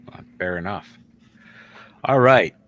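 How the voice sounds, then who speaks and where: A man hosts an open mic in a bright, easygoing, unhurried voice. Faint room ambience hums behind him. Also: low-pitched, a little hiss or hum. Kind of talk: casual hosting.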